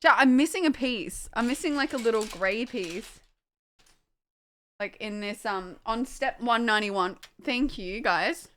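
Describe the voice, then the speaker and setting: A woman's voice: on the high side, a little slow, a bit bright, slight background noise. A young woman casually chatting on a livestream at home, distracted by her dogs, swearing and laughing.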